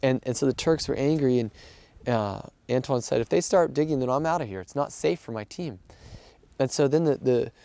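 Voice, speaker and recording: A man's voice: medium pitch, a little fast, warm tone, no echo. A man working as a missionary aid worker tells what happened in an earnest way, acting out the things people said. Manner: earnest storytelling, acting out quoted dialogue. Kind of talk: casual spoken account of events.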